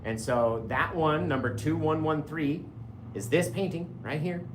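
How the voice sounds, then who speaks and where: A man's voice: a little high, unhurried, roomy sound, noisy background. A man hosting a live painting show, chatting casually with viewers, reading their comments aloud and laughing often.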